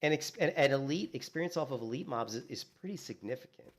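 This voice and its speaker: A man streaming a game, chatting casually and telling animated stories, acting out what others said and filling in with "you know" and "like". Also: mid-range voice, quick pace. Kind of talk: casual gaming stream chat.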